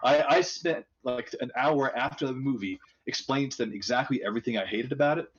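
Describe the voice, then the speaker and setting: A man's voice: mid-range voice, fairly quick, muffled recording, a little hiss or hum. A man chatting casually on a livestream, opinionated and joking as he grumbles about movies. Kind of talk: casual chat.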